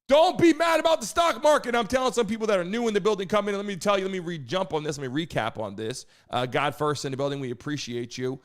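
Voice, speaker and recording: A man hosting a live stream, hyping the chat, shouting out viewers and talking loosely with some swearing. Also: high voice, fast talker, hardly any pauses. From United States.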